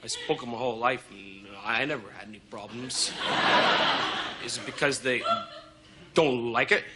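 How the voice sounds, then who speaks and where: An actor playing a smug, deadpan, ignorant male tourist doing a stand-up monologue. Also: mid-range voice, moderate pace, very noisy, lightly acted.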